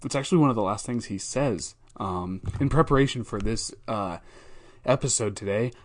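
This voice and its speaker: A man's voice: fairly low pitch, normal speed. A man hosting a podcast, talking through a Bible verse in a casual, thoughtful way, with frequent fillers and restarts. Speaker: podcast host.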